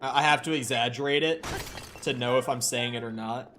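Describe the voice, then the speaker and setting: A man's voice: medium pitch, brisk, a little hiss or hum. A man with a mild Minnesotan accent, rambling casually to his viewers while streaming a game. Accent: Minnesotan, from the Twin Cities. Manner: rambling, animated, swears casually, chats with viewers. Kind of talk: casual livestream chat while gaming. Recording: faint background game music.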